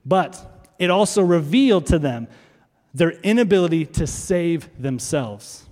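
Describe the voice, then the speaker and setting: A man's voice: on the high side, animated, measured pace, darkish tone. A man preaching a sermon as pastor, emphatic, repeating key phrases and asking rhetorical questions. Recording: long reverb of a large hall.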